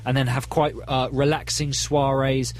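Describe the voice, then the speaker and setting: Dry, wry radio host. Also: male voice, medium pitch, flat delivery, moderate pace, a little hiss or hum. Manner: dry, wry, mock-serious. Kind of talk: live radio banter. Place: live broadcast from a music festival.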